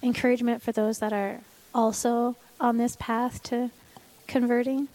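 A woman's voice: fairly high pitch, level tone, moderate pace, warm tone, low-quality recording. A woman hosting an interview, asking questions in an encouraging way. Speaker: host.

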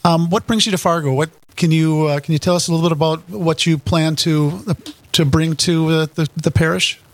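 A man hosting a radio interview, speaking haltingly and restarting his phrases. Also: on the high side, steady tone, no echo. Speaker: radio host.

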